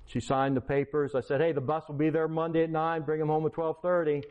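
A schoolteacher and Christian speaker in his sixties gives a testimony sermon, telling a personal story, acting out its dialogue, and building to emphatic preaching. His voice sits on the high side with little pitch movement, moves fairly quickly, and has a phone-quality sound.

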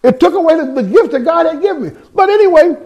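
A man's voice: very high voice, expressive, fast, a little mellow, highs cut off. A man preaching a sermon, telling his own testimony with street slang, scripture and repeated words.

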